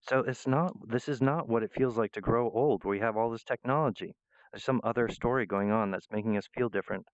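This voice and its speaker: A man's voice: medium pitch, a little fast, no echo, muffled recording. A man rambling through a profane, meandering monologue, often breaking off mid-phrase. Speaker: vlogger.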